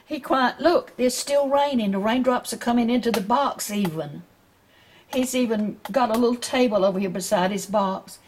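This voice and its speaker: A woman with a Southern US accent reads a picture book aloud to children, gently stopping to ask her listeners questions. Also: on the high side, moderate pace, a little hiss or hum. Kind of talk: storybook read-aloud.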